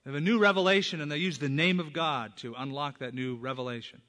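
A man preaching a sermon as pastor, speaking emphatically and punching up key words with loud stresses. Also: a little high, fast. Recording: long hall reverb.

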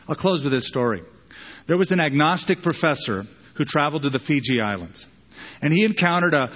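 A man pastor preaching a sermon in a church sanctuary, talking in a conversational way with repeated emphatic phrases and sudden pitch jumps. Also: big-room sound, muffled recording.

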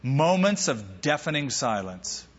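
A man preaching a sermon as pastor, lively and animated, acting out quoted voices. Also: medium pitch, a little slow, slightly rough, long reverb tail, highs cut off.

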